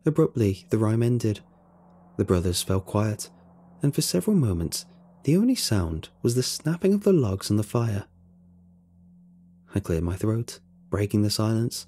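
A man reading a story aloud as its narrator, with an expressive, lively delivery. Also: on the low side, normal speed, long pauses, husky.

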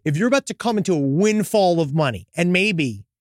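Man, podcast co-host, casual true-crime chat, joking and swearing, high animated voice, dry close sound. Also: brisk, dry recording.

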